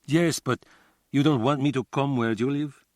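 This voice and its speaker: A cagey Cuban man with a Cuban accent, posing as a magician over the phone, as an audiobook narrator puts him on. His phrasing is formal and halting, pitched above the narrator's own voice. The sound is dry and close. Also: steady tone, dry recording, close to an everyday voice.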